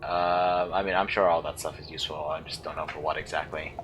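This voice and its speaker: A man's voice: extremely low pitch, little pitch movement, brisk, background noise. A man giving casual let's-play commentary, thinking aloud and often unsure, musing over how to pronounce words.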